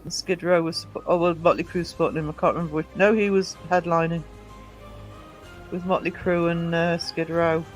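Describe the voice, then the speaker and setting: A man's voice: fairly high pitch, fairly even intonation, fairly quick, faint music behind. A man from England hosting a livestream, chatting casually and reading out viewer comments with a self-deprecating, laughing manner. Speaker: livestream host.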